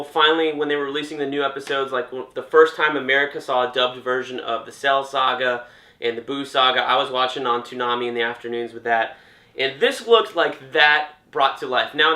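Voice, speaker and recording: Young guy rambling about games, jokey, bright kinda high voice, roomy echo. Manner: chatty, jokey, trailing off with restarts. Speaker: gaming commentator. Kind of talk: casual reaction commentary.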